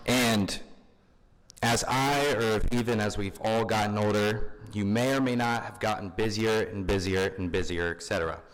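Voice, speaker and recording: A young man stands up to speak at a funeral, his voice on the low side. He talks casually, with plenty of ums and uhs. His words ring out with the long reverb of a big hall. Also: moderate pace. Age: young adult. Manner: informal, many fillers. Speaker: grandson giving a eulogy. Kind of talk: funeral eulogy.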